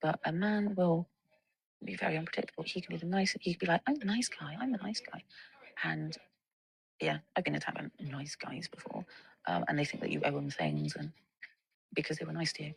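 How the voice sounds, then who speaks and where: A woman's voice: low-pitched, expressive, brisk, creaky, rough recording. A young woman in a casual monologue, ranting with lots of swearing and filler words. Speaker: vlogger.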